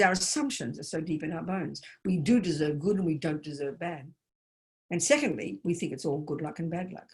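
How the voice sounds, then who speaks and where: An older woman, a Buddhist nun, giving an emphatic dharma talk full of rhetorical questions. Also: lowish voice. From Australia.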